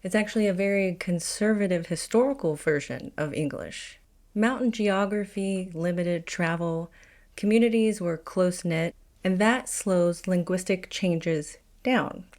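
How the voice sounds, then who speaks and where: A woman with an Appalachian accent hosts a scripted explainer in a slightly low voice. She tells it wryly and confidently, with dry asides. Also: a little slow, a little mellow. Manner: wry, confident storytelling. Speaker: video host. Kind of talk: scripted educational narration.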